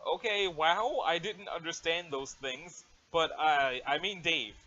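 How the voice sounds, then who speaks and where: A man's voice: fairly high pitch, unhurried, bright, forceful tone. A man voicing an aloof, formal alien troll girl with stiff, overly proper wording, on a dull lo-fi mic.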